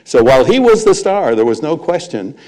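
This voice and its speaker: An older man, a veteran sportscaster, telling anecdotes on stage as a lively raconteur. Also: fairly high pitch, a little fast. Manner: lively raconteur, chuckles between punchlines. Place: live event before an audience.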